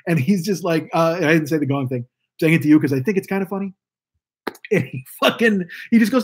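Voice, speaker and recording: A man with a high, husky voice tells a rambling story on a live stream. He swears freely, talks casually and restarts his sentences. This is offhand podcast-host storytelling. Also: brisk. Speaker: podcast host and rideshare driver.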